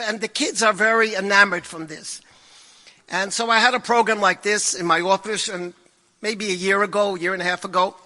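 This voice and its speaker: A man with a high, very bright voice tells stories to an audience in an animated way. He repeats phrases and sprinkles in Yiddish words. His voice carries a long hall reverb. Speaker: guest speaker telling stories. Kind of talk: storytelling talk to an audience.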